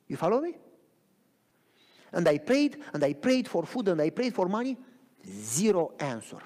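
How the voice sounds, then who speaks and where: Animated preaching man in a reverberant church. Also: high voice, normal speed, pauses often. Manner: animated preaching with frequent rhetorical questions. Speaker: pastor. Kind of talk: sermon. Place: church sanctuary.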